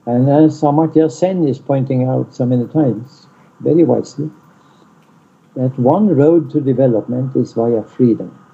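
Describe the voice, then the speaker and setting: A man lecturing in an online seminar, deliberate and blunt, stressing single words, over muffled call audio. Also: mid-range voice, gravelly, mellow, slightly rough. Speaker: lecturer on peace studies. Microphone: video call.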